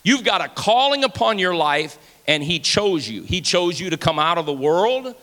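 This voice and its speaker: A man's voice: high-pitched, very animated, normal speed. A pastor preaching a fervent sermon to his church. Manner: fervent preaching, rising to shouts. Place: church sanctuary. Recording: hall reverb.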